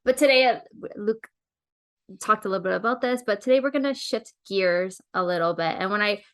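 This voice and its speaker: A woman's voice: mid-range voice, a little fast, fairly bright tone. Chatty enthusiastic woman podcast host. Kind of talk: casual podcast interview.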